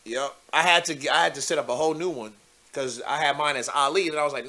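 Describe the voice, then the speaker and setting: A man hosting a call-in talk show, speaking casually and laughing often, swinging from low muttering to animated near-shouting. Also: fast. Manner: animated, rising to near-shouting when worked up.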